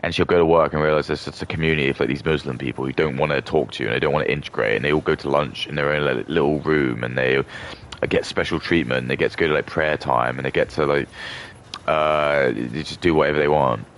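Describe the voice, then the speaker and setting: A man's voice: very deep voice, steady tone, quick pace, fairly bright tone, a little hiss or hum. A young man rambling through a contemptuous rant as a streamer. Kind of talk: ranting casual monologue.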